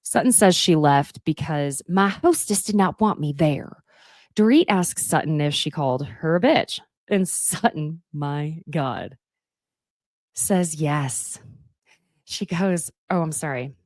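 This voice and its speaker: A woman's voice: low voice, lively intonation, slow pace, a little mellow, no room sound, studio quality. A woman hosting a podcast, recapping a reality show in a chatty, sassy way, with asides to her listeners and snippets of the cast acting out lines.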